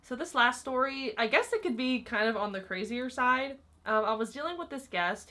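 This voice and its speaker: Bright-voiced young woman telling stories. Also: on the high side. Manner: chatty, frequent fillers like "like" and "um". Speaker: vlogger recounting work stories. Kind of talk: casual storytelling to camera.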